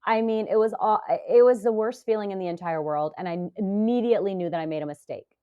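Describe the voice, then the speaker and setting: A woman's voice: medium pitch, fast talker, phone-quality sound. A woman in her forties, a podcast guest, retelling an emotional experience with many hesitations and fillers. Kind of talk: casual interview storytelling.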